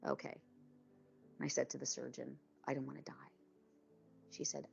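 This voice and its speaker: A woman's voice: a bass voice, little pitch movement, moderate pace, gravelly, pauses often, darkish tone, highs cut off, soft background music. A woman in her fifties telling her own cancer story candidly, acting out what others said to her. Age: 50s. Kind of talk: personal testimony.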